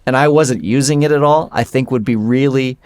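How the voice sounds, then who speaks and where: A man's voice: medium pitch, a little fast, darkish tone, clear, resonant tone. A man co-hosting a casual podcast, teasing his friend with pointed follow-up questions. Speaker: podcast co-host. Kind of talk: casual chat.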